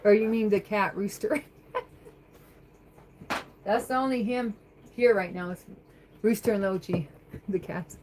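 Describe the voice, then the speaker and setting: A woman's voice: mid-range voice, a little slow, long pauses, a little mellow, a little hiss or hum, poor audio. A woman chatting on a livestream from her home, reading viewer comments aloud and answering them in a rambling way. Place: home, at the kitchen sink.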